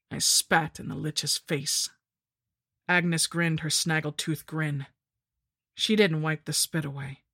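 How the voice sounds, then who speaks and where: Woman reading a creepy story, slow and breathy, dry close sound. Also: deep voice, fairly even intonation, pushed and bright, dry recording. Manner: measured, grim first-person telling. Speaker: horror story narrator. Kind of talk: scripted narration.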